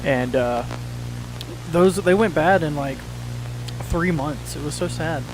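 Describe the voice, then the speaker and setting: A man's voice: on the high side, slow pace, music in the background, low-quality recording. A man with a Southern US accent chatting casually while reacting live to horror videos and reading their text aloud. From Mississippi. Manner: chatty, laughs often, reads on-screen text aloud.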